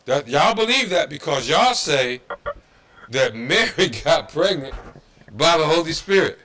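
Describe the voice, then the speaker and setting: Forceful, emphatic man lecturing. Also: on the high side, sing-song, a little slow. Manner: emphatic, repetitive, with mocking asides. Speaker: religious history class instructor. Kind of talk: preaching-style scripture lecture. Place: Detroit.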